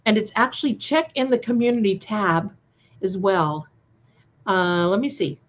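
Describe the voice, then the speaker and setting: A woman with a medium-pitched voice speaks at a measured pace as co-host of a live stream premiere chat. She reacts casually to viewer comments, restarting her sentences many times. The recording has a slightly dull, lo-fi quality.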